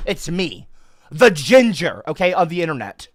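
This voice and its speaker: An online comedian giving a sarcastic, satirical rant about an article, swinging between heated outbursts and forced calm. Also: mid-range voice, normal speed, no echo.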